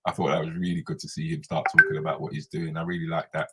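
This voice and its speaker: A man's voice: very deep voice, completely flat delivery, fast talker, very noisy. A man hosting a casual live stream, chatting and laughing as he answers viewer comments.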